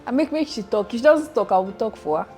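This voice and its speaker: A woman's voice: on the high side, expressive, fast, warm tone, soft background music. A young woman with a Nigerian accent hosting a casual interview, playful and teasing as she asks her questions. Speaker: podcast host.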